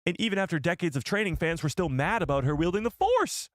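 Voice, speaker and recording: Excitable man hosting a live stream. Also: sits high, quick pace, no echo, clean studio sound. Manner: excitable, rambling, corrects himself often. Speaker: host.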